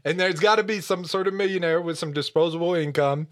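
A man's voice: a little high, fast. A man co-hosting a casual podcast chat, laid-back, laughing often and riffing on the topic. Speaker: podcast co-host.

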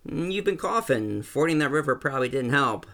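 A man voicing a blunt, joking older rancher who talks in a gruff, plainspoken way. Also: mid-range voice, animated, a little fast, sharp tone, voice pushed up. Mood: folksy.

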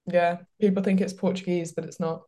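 Low-pitched woman podcast host; relaxed, rambling, filler-heavy chat. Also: fairly quick. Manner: chatty, lots of "like" fillers. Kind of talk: casual chat, reading listener questions.

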